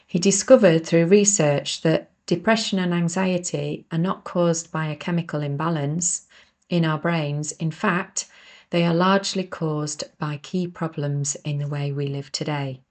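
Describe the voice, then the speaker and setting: A woman's voice: deep voice, steady tone, unhurried, darkish tone. A woman, reading her own self-help book aloud on her podcast and breaking off into chatty, self-deprecating asides to her listeners. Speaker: author and podcast host.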